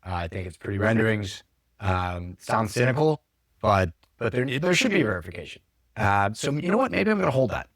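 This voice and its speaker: A man's voice: fairly low pitch, big pitch swings, a little fast, fairly bright tone, no echo, studio quality. A man hosting a casual podcast chat, rambling and correcting himself with joking asides. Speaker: podcast host.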